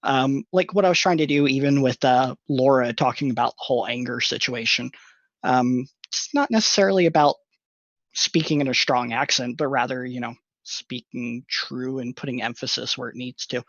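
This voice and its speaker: Brief: male podcast panelist, mid-pitched, thoughtful and explanatory, lo-fi dry recording. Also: moderate pace, no echo. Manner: thoughtful, explains at length with many fillers. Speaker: podcast panelist and tabletop player. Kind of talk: casual podcast chat. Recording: dull lo-fi dry sound.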